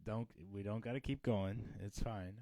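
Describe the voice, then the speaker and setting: A man co-hosting a comedy podcast, telling a story in casual chat, swearing freely and dropping to low mumbles. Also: steady tone, moderate pace, warm tone, dry recording. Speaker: podcast co-host.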